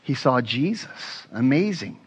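Asking his congregation questions and lowering into quiet, prayerful moments, a male pastor gives an expressive sermon. He speaks at medium pitch, a little slowly, with a breathy edge.

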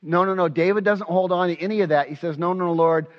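A man's voice: high-pitched, fairly even intonation, quick pace, dull audio. A man preaching a sermon as pastor, acting out prayers aloud with passion. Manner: impassioned, acts out prayers aloud.

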